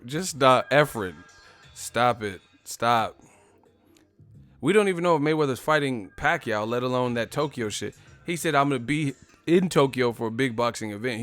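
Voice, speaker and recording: Guy hosting a boxing live stream, swears a lot, lively up and down voice, faint music behind. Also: mid-range voice. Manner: animated, swears freely, laughs often. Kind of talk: casual live-stream chat.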